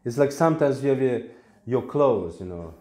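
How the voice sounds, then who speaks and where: A man's voice: mid-range voice, expressive, normal speed, dark tone. A man gives a lecture on scripture in a temple hall, telling stories playfully and acting out small voices. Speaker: spiritual teacher. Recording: echoey room.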